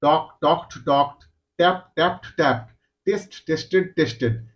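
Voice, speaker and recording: A man with a slightly high voice reads out English verb forms as a lesson. He goes word by word at a very slow, deliberate pace, with steady pauses between each form. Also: muffled recording. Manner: slow, deliberate recitation of single words. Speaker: English teacher. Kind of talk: reciting verb forms in a list.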